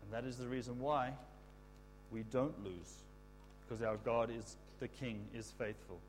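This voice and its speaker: Animated man leading a children's talk. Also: mid-range voice, unhurried, slight background noise. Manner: animated, sets up call-and-response with kids. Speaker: children's talk leader at church. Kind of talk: children's sermon.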